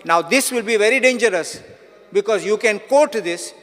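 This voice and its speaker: A man, speaking as a legislator and advocate, lays out legal objections point by point, citing acts and articles. His voice sits a little high. A long reverb from the assembly chamber trails his words. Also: moderate pace, a bit bright. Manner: legalistic, cites statutes and dates.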